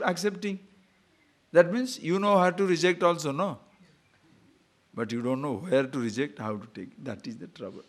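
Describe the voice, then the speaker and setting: Animated man giving a spiritual talk. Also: high-pitched. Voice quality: Sanskrit verses recited. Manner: animated storytelling, laughs at own jokes, rising emphatic questions. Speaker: spiritual teacher. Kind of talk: spiritual discourse with jokes.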